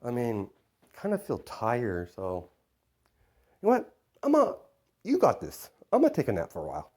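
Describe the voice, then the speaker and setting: A man's voice: mid-range voice, wildly swooping pitch, moderate pace, a little mellow, slightly rough, pitched above the performer's own voice. A man voicing a sleepy, easygoing teenage boy's inner voice, offhand and rambling. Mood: drowsy, teasing.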